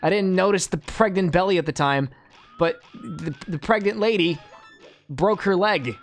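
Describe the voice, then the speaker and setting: A man rambles through casual gameplay commentary in a slightly high voice, sarcastic and full of stumbling restarts. Faint game music plays underneath. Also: normal speed. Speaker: gaming YouTuber.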